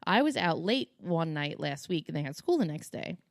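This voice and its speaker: A woman co-hosting a podcast, chatting in a relaxed way about her kids. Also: sits low, no room sound, clean studio sound. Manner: relaxed conversational, quick supportive backchannels. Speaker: podcast co-host and mother. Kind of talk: casual chat.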